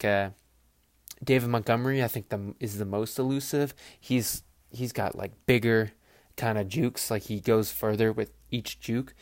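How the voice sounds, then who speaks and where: A man's voice: fairly low pitch, no room sound. A man hosting a football podcast in a loose, rambling way, swearing freely and acting out players' voices in his asides. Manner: rambling, profane, animated asides with quoted voices. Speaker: podcast host. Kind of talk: casual football commentary.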